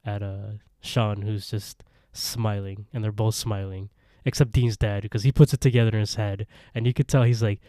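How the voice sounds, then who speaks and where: Low dark-voiced man recapping casually. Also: level tone, normal speed, hardly any pauses, no room sound, clean studio sound. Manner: rambling, laughing, acting out quotes. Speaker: podcast co-host.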